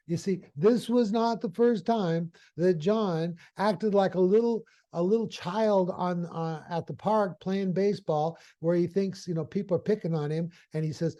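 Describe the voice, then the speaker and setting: Male hypnotherapy trainer, folksy and animated, slightly high pitch with a mellow tone. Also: unhurried. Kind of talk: storytelling lesson.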